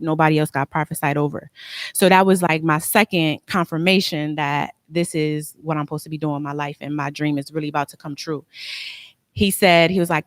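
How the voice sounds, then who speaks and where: A young woman with a low-pitched voice tells her own story as an interview guest, earnest and emotional, leaning on "like" again and again. The sound is dry and close, with no room around it. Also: dry recording. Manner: emotional, earnest, heavy use of "like". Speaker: guest, tax business owner.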